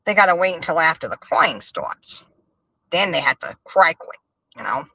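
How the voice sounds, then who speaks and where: Sassy animated woman streamer. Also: low-pitched, moderate pace, no echo. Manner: animated, sassy, reads chat aloud. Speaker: livestream host. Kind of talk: casual gossip commentary.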